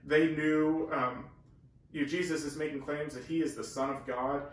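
A man's voice: a little high, flat delivery, normal speed. A man teaching the Bible in a casual, earnest way, explaining and leaning hard on key words. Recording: very echoey room, far from the mic.

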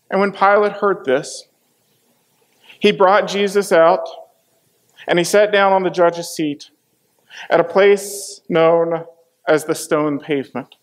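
A man's voice: sits high, fairly even intonation, slow pace, long pauses. A man preaching a sermon, retelling a Bible story and acting out its quoted lines with dramatic emphasis.

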